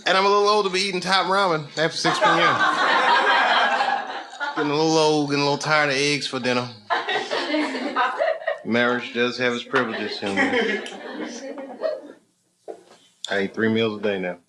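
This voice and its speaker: Over a noisy recording of a laughing comedy-club crowd, a man in his fifties banters and teases in a loose stand-up set. His voice is fairly high and moderately paced, with plenty of pauses.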